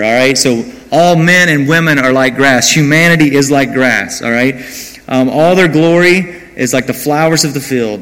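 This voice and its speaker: A man's voice: medium pitch, fairly bright tone. An American man preaching a sermon, conversational and self-mocking, with asides to the congregation. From United States. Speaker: pastor. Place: church hall. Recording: long hall reverb.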